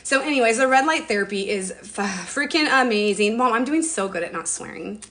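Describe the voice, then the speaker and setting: A woman's voice: a little high, lively intonation, brisk, a bit bright. Bubbly chatty woman in her forties. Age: 40s. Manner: chatty, bubbly, mild cursing. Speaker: skincare livestreamer. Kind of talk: casual live-stream chat. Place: at home.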